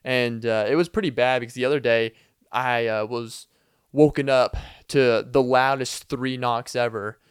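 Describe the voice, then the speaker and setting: A man's voice: mid-range voice, steady tone, moderate pace, clean tone, no echo, clean studio sound. A young man hosting a podcast, telling a rambling comedic story full of fillers and little laughs. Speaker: podcast host.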